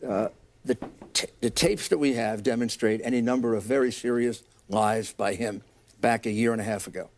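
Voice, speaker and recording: Gravelly male interviewee, emphatic, dismissive delivery. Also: medium pitch, normal speed, a little mellow. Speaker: interviewed guest in a played clip. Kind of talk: interview answer.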